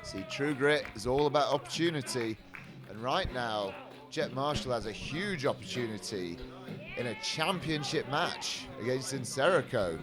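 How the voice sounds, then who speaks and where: A man's voice: medium pitch, animated, normal speed, over music. A man doing play-by-play wrestling commentary in an upbeat, slightly hesitant way.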